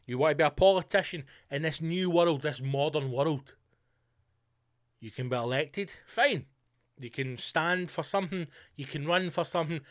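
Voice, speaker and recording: A man's voice: a little high, normal speed, fairly bright tone, no room sound, studio quality. A man hosting a solo podcast, ranting with lots of swearing and sarcastic asides. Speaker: podcast host.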